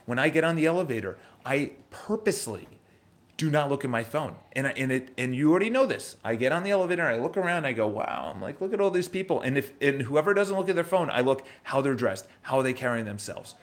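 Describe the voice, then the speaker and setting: A man's voice: medium pitch, fast. A man in his thirties with a New York accent, talking live to his audience in a casual, motivational way, repeating phrases and restarting sentences. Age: 30s. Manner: energetic, conversational, repeats phrases, restarts often. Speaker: host of a live morning show. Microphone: live stream from his office.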